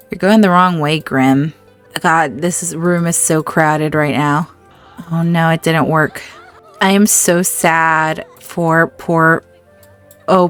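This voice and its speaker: A woman hosting a let's-play, chatting through the game and reacting emotionally to what happens on screen. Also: on the low side. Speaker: gaming channel host.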